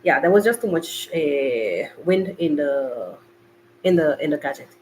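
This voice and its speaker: Speaking at a measured pace with lively intonation, this medium-pitched voice has a slightly mellow quality. It belongs to a Jamaican podcast host chatting and rambling straight to live viewers from a hot, bright makeshift home studio, captured on a laptop. The recording is rough, with a little hiss or hum.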